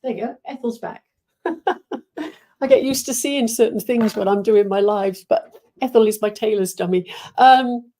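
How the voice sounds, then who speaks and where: A woman's voice: on the high side, measured pace, pauses often, mellow. A woman from Wales with a Welsh accent hosts a live stream, chatting in a rambling way with many fillers and restarts as she greets her viewers. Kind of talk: casual live-stream chat.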